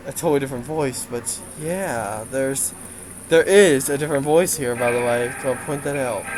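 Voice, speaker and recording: A man talking through his game's progress in a loose, rambling way, full of "like" and "um" and quick laughs. His voice sits a little high and bounces around a lot. Quiet game music hums underneath. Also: low-quality recording. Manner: rambling, laughs often, many fillers. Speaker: game developer. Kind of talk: casual development update commentary.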